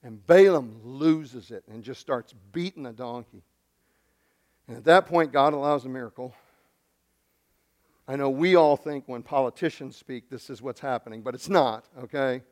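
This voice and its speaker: A man preaching a sermon, retelling a scripture story with lively acting and humorous asides. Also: medium pitch, normal speed. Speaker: pastor.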